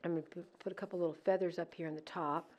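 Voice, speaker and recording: A middle-aged woman telling a story in a casual, animated way, acting out what people said. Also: fairly low pitch, rapid-fire, lo-fi sound. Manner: animated, laughing, acts out quoted lines. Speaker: decorator at a museum holiday event.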